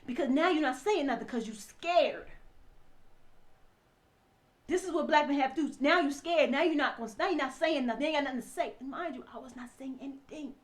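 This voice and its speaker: A high-pitched woman tells her own story in tears. She swings between near-whispers and loud, forceful outbursts, and her voice stays raw and impassioned throughout. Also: brisk. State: crying. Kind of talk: emotional personal testimony.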